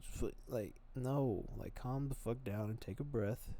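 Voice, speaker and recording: A man with a fairly low voice and moderate pace gives loose, profane reaction commentary on videos. He rambles, swinging between loud bursts and mutters.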